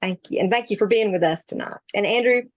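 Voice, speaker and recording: A woman co-hosting a live video-call show, gushing warmly and laughing often. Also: mid-range voice, fast. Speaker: co-host. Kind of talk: casual Zoom talk show chat.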